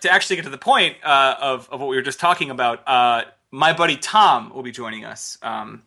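A young man chatting as a podcast co-host, his voice very bright and ringing. He jokes around and breaks into laughter often, keeping things loose and casual. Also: mid-range voice, brisk. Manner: laughs often, animated and joking. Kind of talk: casual chat.

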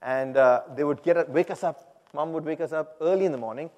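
A man telling his personal testimony to a congregation, animated, acting out the people he quotes and laughing at himself. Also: fairly high pitch, fairly quick. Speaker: speaker giving a personal testimony. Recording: long hall reverb.

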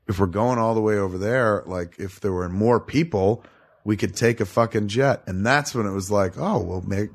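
A man in casual chat, telling a rambling story and swearing freely. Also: deep voice.

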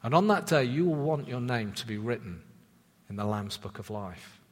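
A man preaching a sermon in an earnest, measured way, dropping low for emphasis and repeating words as he restarts thoughts. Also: expressive. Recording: long reverb of a church hall.

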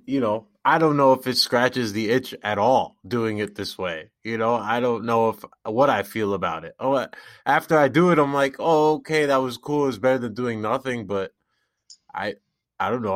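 A man's voice: medium pitch, moderate pace, dry recording, clean studio sound. A man hosting a podcast in casual chat, laid-back, laughing often and swearing casually. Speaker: podcast host.

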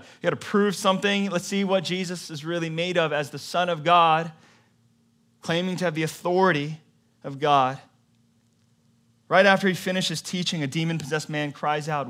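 A male pastor giving a sermon in a conversational way, moving between quiet, low passages and emphatic, louder ones.

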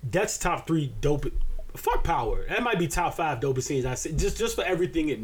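A man's voice: fairly high pitch, big pitch swings, fairly quick. A man co-hosting a podcast in casual chat, rambling with restarts and slang. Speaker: podcast co-host.

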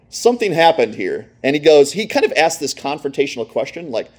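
Husky-voiced preacher telling a story. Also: male voice, a little high, sing-song, a little fast. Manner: conversational, storytelling with asides. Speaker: preacher teaching a lesson. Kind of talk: sermon.

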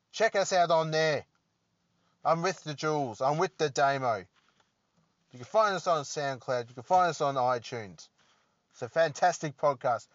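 A man with a fairly high voice hosts a solo podcast, rambling along with jokes at his own expense. The recording is dull, lo-fi and very dry. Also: fairly bright tone, no room sound. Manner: rambling, joking, self-deprecating. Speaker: podcast host.

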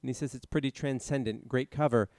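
A man's voice: mid-range voice, fairly quick, a little mellow, no room sound, clean studio sound. A man hosting a podcast in casual chat, steering the talk offhandedly and swearing now and then. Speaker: podcast host.

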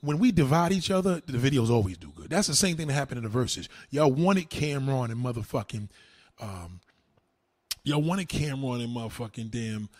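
Loud, heated man ranting to chat. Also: medium pitch, fairly quick, dry recording. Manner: loud, profane, heated, animated. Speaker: online streamer. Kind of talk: profane rant to a live chat.

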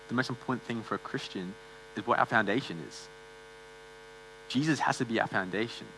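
A man's voice: mid-range voice, sharp tone, a little hiss or hum, low-quality recording. Earnest man preaching a casual sermon. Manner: earnest, conversational, uses many fillers. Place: church.

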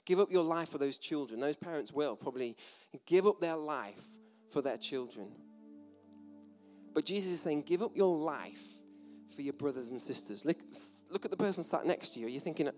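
A British preacher with a slightly raised pitch, talking to a congregation in a casual, joking way with plenty of asides. Soft music plays quietly behind him. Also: male voice, expressive, moderate pace. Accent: British English. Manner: chatty, joking, self-deprecating, with asides and laughs. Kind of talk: sermon. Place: church hall with a gathered audience.

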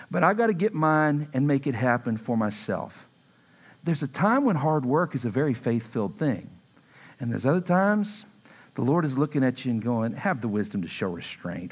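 A man in his thirties preaching a sermon, telling stories and acting out quotes as he speaks to his congregation. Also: a little high. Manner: animated, acts out quotes, asks the audience. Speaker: pastor. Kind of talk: sermon with storytelling.

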